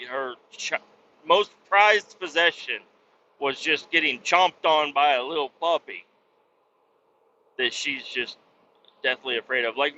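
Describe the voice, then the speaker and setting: A man's voice: on the high side, bright, forceful tone, lo-fi sound, a little hiss or hum. A man telling stories in a casual, profane, rambling monologue as the host, talking from his truck. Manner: profane, blunt storytelling. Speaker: podcast host.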